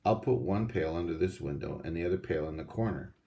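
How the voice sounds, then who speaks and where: A man voicing a sensible, motherly older girl in a storybook reading; she speaks in a brisk, practical way. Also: low-pitched, creaky, dark tone.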